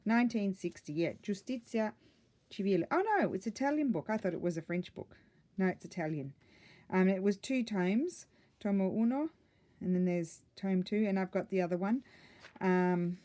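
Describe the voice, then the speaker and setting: A woman with a lowish, mellow voice chats casually as she shows her crafts. She rambles happily, fills gaps with ums and corrects herself midway. She sounds a little out of breath. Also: moderate pace. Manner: excited, rambling, many ums and self-corrections. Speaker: craft vlogger. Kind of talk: casual chatty flip-through.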